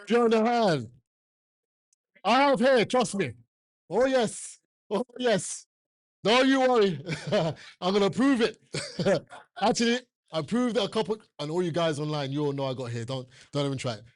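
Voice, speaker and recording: High-voiced man preaching emphatically. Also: animated, moderate pace, pauses often, dry recording. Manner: emphatic and repetitive, with joking asides to the congregation; asks the listeners questions often. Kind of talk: sermon.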